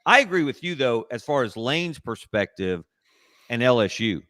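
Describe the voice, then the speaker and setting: A man guesting on a sports talk show, making measured, analytical points over a video call in a casual discussion. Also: medium pitch, sing-song, fairly bright tone, dry recording, clean studio sound.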